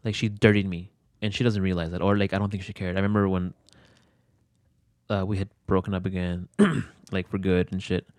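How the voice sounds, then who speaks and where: A young man with a very low, deep voice talks through a personal story in an interview. He rambles loosely, full of fillers and casual swearing. The recording is dry and close, with almost no room sound. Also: level tone, a little fast, darkish tone, no echo. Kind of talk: candid conversational storytelling.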